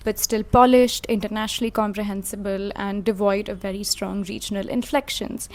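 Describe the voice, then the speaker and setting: A woman from India reads a scripted video essay in a reflective, lightly casual tone, often using hedging fillers. Her voice is mid-range with a darkish quality.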